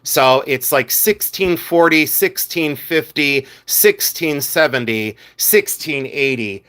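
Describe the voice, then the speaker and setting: A man's voice: fairly high pitch, expressive, slow, a bit bright. A middle-aged man hosting a casual jewelry livestream, blunt and a bit exasperated, with lots of "uh" fillers.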